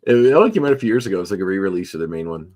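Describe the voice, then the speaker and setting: A man with a somewhat low voice talks through a long story in a relaxed, meandering way. He peppers it with fillers and asides like a podcast host chatting with a friend. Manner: rambling, chatty storyteller with frequent fillers and laughs. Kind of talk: casual chat.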